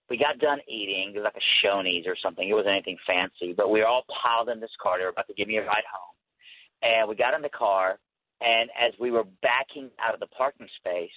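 A man telling a personal faith story as a guest, earnest and animated, often restarting his sentences. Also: fairly low pitch, no echo. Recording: tinny phone line.

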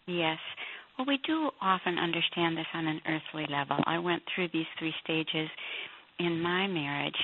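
Woman guest, animated storyteller, low gravelly voice, phone-line sound. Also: moderate pace, slight background noise. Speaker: author and Bible teacher, guest. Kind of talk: storytelling radio interview.

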